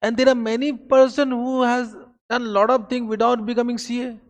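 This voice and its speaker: An extremely high-pitched man with an Indian English accent gives accountancy students a motivational revision lecture in a classroom, speaking at normal speed in a level tone. His pep talk repeats phrases and poses rhetorical questions, with a long reverb tail.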